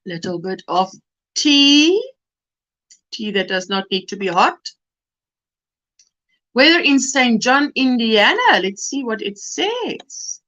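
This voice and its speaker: A woman's voice: fairly high pitch, pushed and bright, dull audio. A woman from South Africa hosting a casual livestream, reading viewer comments and weather reports aloud and greeting people by name. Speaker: livestream host.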